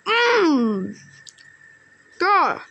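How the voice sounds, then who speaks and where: A woman talks through a game in a high, bright voice. She speaks slowly and casually, then bursts into excitable taunts at other players. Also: vocal fry, muffled recording. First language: Indonesian. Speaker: gamer. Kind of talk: casual gameplay commentary.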